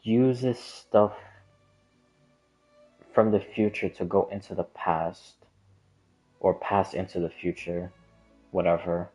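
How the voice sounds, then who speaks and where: A man's voice: sits low, steady tone, slow pace, pauses often, a little mellow, soft background music, rough recording. A man casually talking through a theory in a rambling, hesitant way, with lots of filler words and restarts. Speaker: gaming lore commentator. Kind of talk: casual explanatory monologue.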